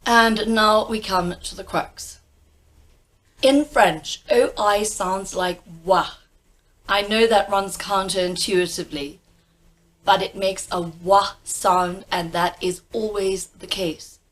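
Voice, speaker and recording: A woman with a received pronunciation English accent teaches pronunciation at a slow, measured pace. She lingers over each sound with careful, emphatic precision, and her pitch sits in a middle range. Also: fairly even intonation, fairly bright tone, poor audio. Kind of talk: pronunciation lesson.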